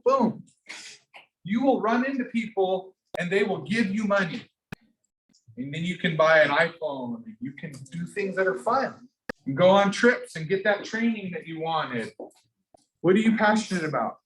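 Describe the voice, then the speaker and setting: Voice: medium pitch, fairly bright tone, a little hiss or hum. A teacher coaching an entrepreneurship class, pushing students hard and calling on them by name. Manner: pushy, fired-up, calls on students directly. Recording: echoey classroom.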